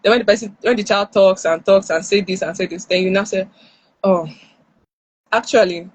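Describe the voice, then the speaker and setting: Streaming live through a phone or headset, a Nigerian-accented parenting speaker animatedly voices what parents and kids say as she offers advice. Her mid-range voice moves at normal speed; there's no echo, but the audio quality is poor.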